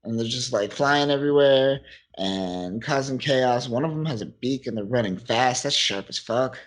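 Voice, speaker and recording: Speaking in a mid-range voice at an ordinary pace, this podcast co-host chats loosely about a comic. His recap wanders and is peppered with profanity, and he voices the characters' dialogue as he describes each scene.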